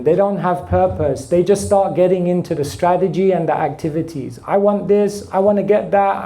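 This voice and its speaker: High-voiced man giving a spiritual talk. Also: dark tone. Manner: storytelling, acting out dialogue with rising pitch. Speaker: spiritual teacher. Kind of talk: sermon.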